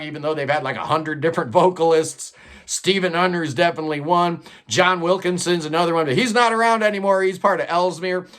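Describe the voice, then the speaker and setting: A man with a fairly high voice talks through an album track by track in a casual, rambling way. He sounds enthusiastic and leans on lots of "uh" fillers as he goes. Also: a bit bright. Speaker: music reviewer.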